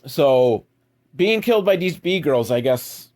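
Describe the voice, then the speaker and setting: A man's voice: fairly high pitch, animated, slow, a little mellow. A young adult man giving a crude, sarcastic comedic recap of a movie as the show's host. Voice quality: crude, sarcastic, mocking asides.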